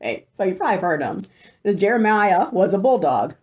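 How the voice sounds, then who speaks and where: Animated woman telling a story. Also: medium pitch, fast. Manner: animated, laughs while telling stories. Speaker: host. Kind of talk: storytelling monologue.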